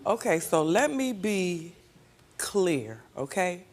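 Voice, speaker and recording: A woman's voice: fairly low pitch, sing-song, slow pace, a little mellow. An older grandmother guest on a talk show, insistently defending herself and pushing back.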